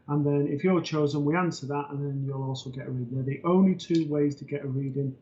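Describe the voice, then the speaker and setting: A man's voice: on the high side, fairly even intonation, fast talker, warm tone. A man co-hosting a live psychic stream, explaining things steadily with filler ums. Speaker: co-host, psychic medium. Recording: dull lo-fi stream audio.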